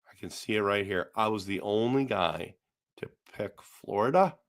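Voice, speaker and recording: A man's voice: lowish voice, moderate pace. A middle-aged man from Canada hosting a casual hockey live stream, reading viewer comments aloud and answering them in a chatty way.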